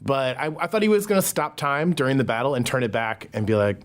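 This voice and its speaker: A man's voice: medium pitch, quick pace. A man as a podcast guest in casual chat, hesitant and thoughtful with many ums and a wry humor.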